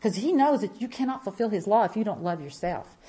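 A woman's voice: medium pitch, lively intonation, a little fast, warm tone. Emphatic woman sharing a church testimony. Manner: emphatic, repeating phrases, vivid storytelling. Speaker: speaker giving a testimony.

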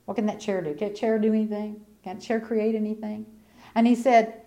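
A middle-aged woman preacher giving a sermon in a folksy, colloquial way. She repeats her key lines and moves between hushed storytelling and fervent preaching. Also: medium pitch, little pitch movement, brisk.

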